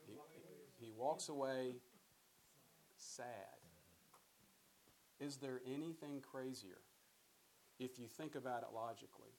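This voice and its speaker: A man's voice: mid-range voice, takes it slowly, pauses often, darkish tone, slight background noise, rough recording. Conversational man teaching the Bible. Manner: conversational, repeats words, asks the group questions. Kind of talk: sermon-style Bible teaching.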